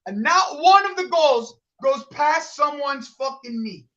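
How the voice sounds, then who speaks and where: A man's voice: very high voice, unhurried, dull audio. Fired-up man ranting about football. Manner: animated, swears a lot, rants. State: agitated, rattled. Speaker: podcast co-host. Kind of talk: casual football chat.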